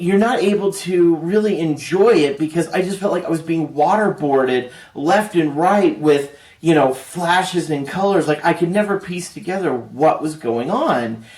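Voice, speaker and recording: A man's voice: on the high side, a little mellow. A man giving a casual, rambling spoken movie review, full of fillers and restarts. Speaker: film reviewer. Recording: roomy echo, distant from mic.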